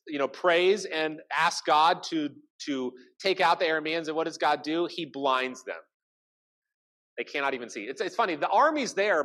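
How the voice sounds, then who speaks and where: Animated, chatty Bible storyteller. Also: mid-range voice, low-quality recording. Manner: animated, chatty, acts out the characters. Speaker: preacher. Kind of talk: sermon, casual Bible storytelling.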